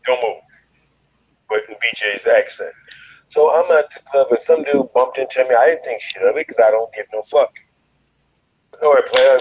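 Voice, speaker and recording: A man from Chicago telling a wild story in an interview, profane and animated, leaping into loud quoted voices. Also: mid-range voice, a little fast, slightly rough, muffled recording. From Chicago, USA. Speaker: guest, fighter.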